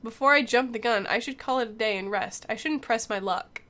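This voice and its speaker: High-voiced young woman gaming. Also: fairly quick. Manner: animated, swears when frustrated. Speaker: let's play gamer. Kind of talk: casual gaming commentary and reading aloud.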